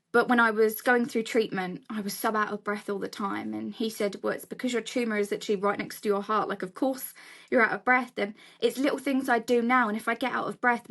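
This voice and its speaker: A woman's voice: a little high, fairly bright tone. Chatty young woman from Essex. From England. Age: 20s. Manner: open, chatty, many fillers like "you know". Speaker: cancer survivor sharing her story. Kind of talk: casual interview talk.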